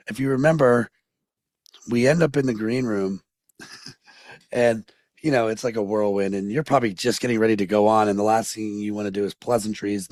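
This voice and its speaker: A man's voice: mid-range voice, darkish tone, no echo. A man hosting an interview podcast, asking rambling questions with a casual, chatty manner and frequent laughter. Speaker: podcast host.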